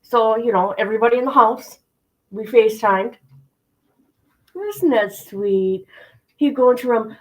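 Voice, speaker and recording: In a low-quality recording, a middle-aged livestream host talks directly to her viewers in a casual chat, restating points to stress them. Her voice is a little high and a little slow, with long pauses.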